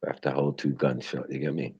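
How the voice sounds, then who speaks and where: A man's voice: extremely low pitch, little pitch movement, quick pace, mellow, husky, no echo. A young man hosting a live stream and bantering with his chat in loose street slang, rambling and laughing often. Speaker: livestream host. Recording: dull lo-fi stream audio.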